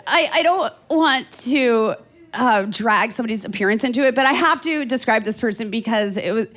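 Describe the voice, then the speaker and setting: A woman's voice: a little high, expressive, moderate pace, fairly bright tone. A woman in her forties from Canada doing stand-up comedy into a handheld stage microphone, chatty and rambling with dry self-mocking asides. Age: 40s.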